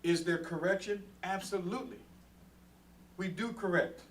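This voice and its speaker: A man with a fairly high voice leads a Bible study in an earnest, plain-spoken way, acting out everyday arguments for his listeners. He sits some way from the microphone, and a faint hiss runs under his voice. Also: normal speed. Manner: earnest, talks to the room, acts out everyday quarrels. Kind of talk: conversational Bible study sermon. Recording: distant mic with faint background noise.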